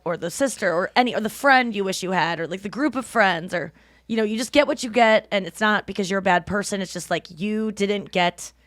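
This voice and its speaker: A woman's voice: fairly low pitch, fairly bright tone, no echo, studio quality. A woman in her thirties hosting a podcast, rambling casually and swearing freely with self-deprecating humor. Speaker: podcast host. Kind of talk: casual chat.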